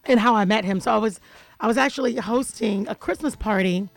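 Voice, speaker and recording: A woman's voice: mid-range voice, brisk, creaky, no echo, soft background music, low-quality recording. A woman hosting a radio show in a studio, chatting casually and playfully, joking and laughing often.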